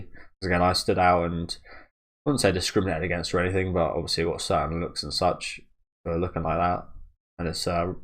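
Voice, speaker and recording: Young british dude, deep voice, rambling reaction chat, swears a lot. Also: male voice, fairly bright tone. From Britain. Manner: loose and rambling, swears often, laughs at himself. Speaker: manga reaction YouTuber. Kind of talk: casual reaction commentary.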